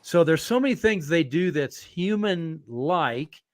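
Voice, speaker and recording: Man, podcast host, relaxed storyteller, dry close sound. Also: a little high, dry recording. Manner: relaxed storytelling, drawn-out fillers. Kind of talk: casual interview chat.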